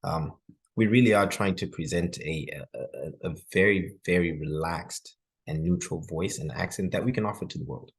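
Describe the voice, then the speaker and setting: A man's voice: deep voice, normal speed, gravelly. A man hosting a webinar, talking casually and hesitantly, often repeating words. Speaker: webinar host.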